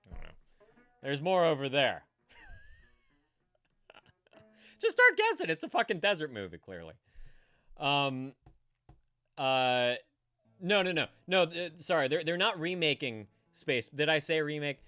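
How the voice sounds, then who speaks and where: A man's voice: fairly high pitch, expressive, moderate pace, long pauses, a bit bright, dry recording, faint music behind. A man hosting a casual live-stream call-in show, rambling and profane, stammering and restarting as he chats with viewers.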